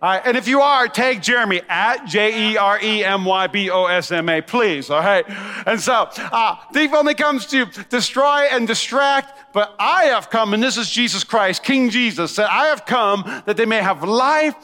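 In a big church, a male pastor delivers a sermon in a high, bright, forceful voice. He addresses the congregation with quick asides and call-and-response. Long hall reverb surrounds his voice, with soft music underneath.

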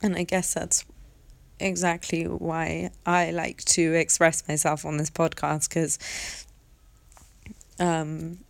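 Low-voiced woman sharing candidly. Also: flat delivery, takes it slowly, gravelly, pauses often, dry recording. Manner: candid and reflective, with hesitant restarts. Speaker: podcast host. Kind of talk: personal storytelling monologue.

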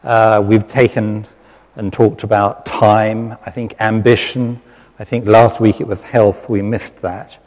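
A British lay preacher giving a conversational, self-deprecating sermon, with many fillers. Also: male voice, on the low side, darkish tone. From Britain. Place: church hall with long reverb. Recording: reverberant church hall.

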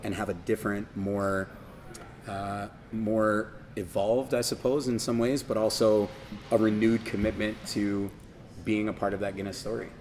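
A man from Baltimore speaks in a fairly low voice. He is answering interview questions about his brewery, and he is thoughtful and halting as he picks his words. Faint ambient noise sits under the conversation. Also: little pitch movement, darkish tone. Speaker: Guinness brewery representative.

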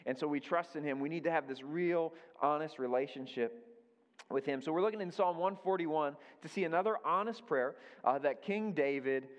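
A man's voice: on the high side, moderate pace. Man preaching a casual sermon. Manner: conversational, repeats key phrases for emphasis. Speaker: pastor. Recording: dull lo-fi sound with long hall reverb.

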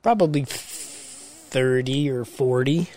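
A man's voice: medium pitch, a little mellow, no room sound. A man co-hosting a casual podcast chat, giving blunt, profane answers. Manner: blunt, profane, quick replies. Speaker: podcast co-host.

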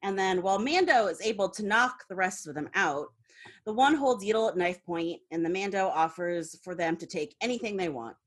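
A woman's voice: medium pitch, expressive, normal speed. A woman hosting a casual podcast, retelling an episode with lots of laughter. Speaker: podcast host. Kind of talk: casual recap chat.

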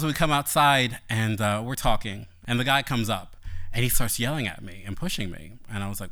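A man telling a personal story on stage, animated and playful, later quiet and reflective. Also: medium pitch, a little fast.

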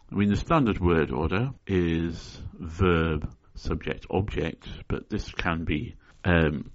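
Man, very low voice, dry mock-scholarly solo podcast host, dull lo-fi sound. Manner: deadpan mock-scholarly, tongue-in-cheek. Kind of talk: solo spoken explainer.

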